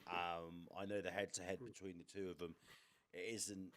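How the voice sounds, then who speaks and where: A young man presenting a darts podcast, chatting casually and quickly going over results and upcoming fixtures. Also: low voice, level tone. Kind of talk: casual sports podcast chat.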